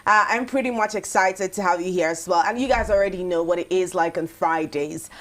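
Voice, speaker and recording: Woman, young adult, morning show co-host, casual chat, animated, playful. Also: on the low side, fairly quick. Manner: animated, laughing, playful asides.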